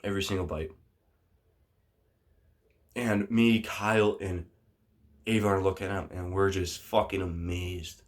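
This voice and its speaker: A man telling a story on his vlog in a casual, animated way, swearing freely and often restarting his sentences. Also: deep voice, unhurried, pauses often.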